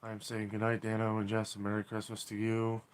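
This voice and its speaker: This live stream host has a lowish, clear, resonant voice that comes across as monotone and brisk. He chats in a rambling way, reading viewer comments aloud, and he is apologetic and laughs often.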